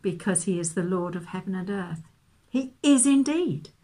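A woman gently reading a children's Bible story aloud, with expressive storytelling. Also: fairly low pitch, moderate pace.

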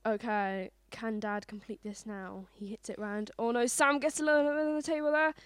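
A woman giving playful, excited sports-style commentary on a family table game. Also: on the high side, normal speed, clean tone, no echo. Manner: excited, animated.

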